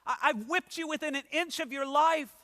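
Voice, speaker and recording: A man's voice: very high-pitched, moderate pace, bright, forceful tone, pitched above the performer's own voice. A man voicing a domineering, exasperated male Roman governor, insistent and stammering over his words. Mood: baffled. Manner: pleading, insistent, stammering repeats. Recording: long hall reverb.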